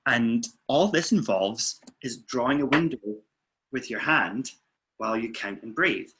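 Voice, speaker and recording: A man, a weight-loss coach, calmly guiding listeners through muscle tensing and breathing exercises. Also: medium pitch, a little slow, background noise. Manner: calm, steady counting and coaching. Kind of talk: guided relaxation instructions. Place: indoors, filming himself.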